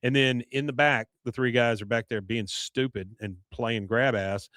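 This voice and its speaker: A man of medium pitch hosts a podcast from a studio, walking through an episode in easygoing chat. He chuckles often and reads quotes from the show aloud. His voice sounds close and dry, with no room echo. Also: steady tone, moderate pace, fairly bright tone. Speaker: podcast host. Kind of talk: casual episode recap chat.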